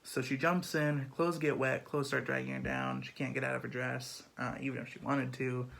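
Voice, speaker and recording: A man's voice: medium pitch, little pitch movement, fairly quick, vocal fry, fairly bright tone. Chatty man summarizing a play. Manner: chatty, filler-heavy, lots of "um" and "like". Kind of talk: casual literature summary.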